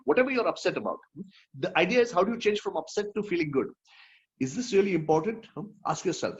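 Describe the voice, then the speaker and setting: A man's voice: sits high, highs cut off. A man giving a motivational talk at an online event. He is emphatic, repeats his key phrases and keeps checking in with "hmm?". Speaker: motivational speaker.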